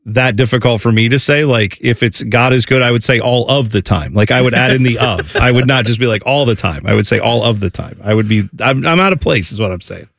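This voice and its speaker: A man's voice: mid-range voice, gravelly, fairly bright tone, no echo. A man hosting a morning sports radio show, chatty and self-mocking in casual banter. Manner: chatty, self-mocking, quick laughs, does playful voices. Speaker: radio host.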